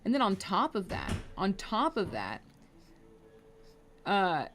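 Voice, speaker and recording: Young woman streamer, unhurried, chatty rambling over her drawing work. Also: medium pitch, huge pitch swings, fairly bright tone. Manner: rambling, talks to chat while drawing, hums between remarks. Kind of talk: casual livestream chat.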